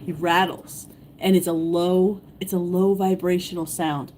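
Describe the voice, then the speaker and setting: A woman hosting a casual fishing livestream, rambling and repeating herself, her voice going hoarse as she greets viewers. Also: lowish voice, steady tone, a little slow, a little mellow, slight background noise, low-quality recording. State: losing her voice, clearing throat. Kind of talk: casual live-stream chat.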